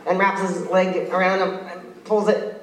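A man excitedly narrating a cartoon story, with sound effects and laughs. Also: sits high, normal speed, echoey room, recorded from a distance, very noisy. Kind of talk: animated storytelling of a cartoon pitch.

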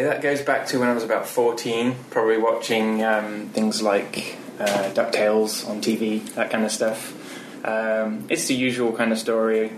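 A man's voice: fairly low pitch, background noise. A British man giving a casual, rambling interview answer with many ums. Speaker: guest. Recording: roomy echo.

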